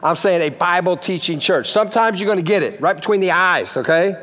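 A man's voice: high-pitched, expressive, brisk, a bit bright, in a large hall. A man preaching a sermon in a church, playful and joking, often checking in with the crowd. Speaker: pastor. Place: church sanctuary.

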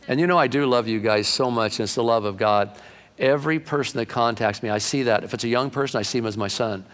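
A man's voice: mid-range voice, quick pace, a bit bright, in a large hall. An older man preaching a sermon, telling folksy stories and building up to fervent preaching. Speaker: pastor.

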